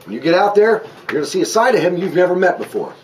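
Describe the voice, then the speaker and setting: An earnest Southern father, as a man with a Southern accent puts him on, warning his boy with concern. The voice rises slightly above the man's own. It comes from some distance out of doors, over clear background noise. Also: high voice, big pitch swings, quick pace, roomy sound, pitched above the performer's own voice. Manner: earnest, cautioning.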